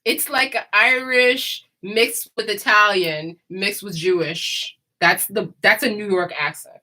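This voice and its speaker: A woman's voice: medium pitch, measured pace, pushed and bright, low-quality recording. A woman chatting casually and candidly, rambling and laughing often. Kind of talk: casual chat.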